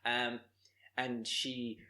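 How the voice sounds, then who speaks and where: A man's voice: medium pitch, monotone, drawn-out words, pushed and bright. A man, co-hosting a podcast in casual chat, making his points emphatically with "all right?" and digressions. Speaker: podcast co-host.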